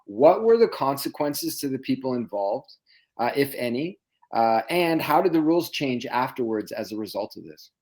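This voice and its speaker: A man's voice: medium pitch, big pitch swings, a little mellow. Laid-back man asking questions on a podcast. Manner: brief listener replies and quick questions. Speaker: podcast co-host. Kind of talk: casual sports talk.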